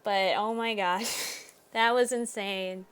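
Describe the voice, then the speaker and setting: A woman hosting a gaming video, chatting through her playthrough, laughing often and bursting into loud exclamations. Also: mid-range voice, steady tone, slow pace, smooth. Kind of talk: let's play commentary.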